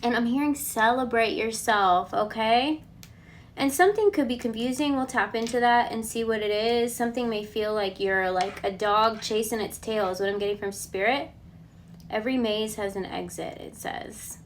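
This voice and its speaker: A woman giving a casual collective tarot reading, relaxed and reassuring. She thinks aloud and often checks in with a questioning "okay?". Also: on the high side, normal speed, slight background noise. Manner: chatty, ends points with a questioning "okay?". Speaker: tarot card reader.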